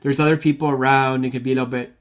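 A man steers a relaxed interview with short, encouraging prompts. He talks quickly and keeps things moving. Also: medium pitch. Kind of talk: casual interview chat.

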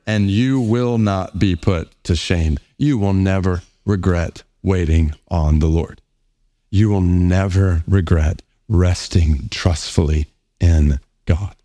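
A man preaching a sermon, earnest and emphatic, slowing down on key words and reading scripture aloud between his points. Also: lowish voice, a little mellow. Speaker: pastor.

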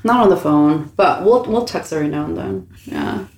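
A young woman hosting a casual chat with her roommates, an animated storyteller who laughs often and swears casually. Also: fairly low pitch, moderate pace, slight background noise. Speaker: podcast host. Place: shared apartment room. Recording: echoey room.

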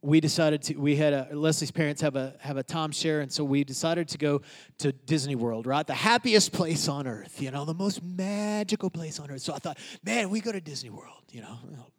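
Pastor telling a story in a sermon. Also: male voice, fairly high pitch, brisk. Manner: personal storytelling, swinging from loud to hushed.

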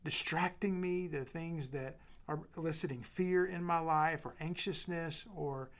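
A middle-aged man preaching a sermon as pastor, dropping to soft whispers and building with emphatic repetition. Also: a little high, a little slow.

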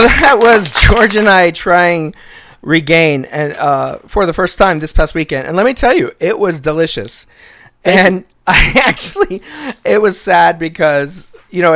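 A man hosting a podcast in casual chat, excitable and quick to laugh. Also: high voice, no echo. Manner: laughs often, chatty and excitable. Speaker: podcast host.

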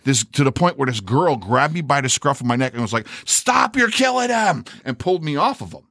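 Older male podcast host, swears freely, swings his pitch widely, dry close mic. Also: quick pace, no echo. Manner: profane, animated storyteller who acts out voices. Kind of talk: casual storytelling.

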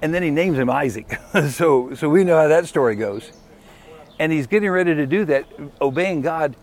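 Man, preacher, sermon, somewhat high pitch, folksy, emphatic, questions to the congregation. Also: animated, moderate pace.

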